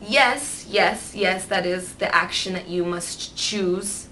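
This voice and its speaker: A woman vlogging candidly, rambling and swearing freely, turning lively when she mimics others. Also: lowish voice, slow pace, a little hiss or hum, low-quality recording. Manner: animated, mimics voices in quotes. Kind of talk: candid personal vlog.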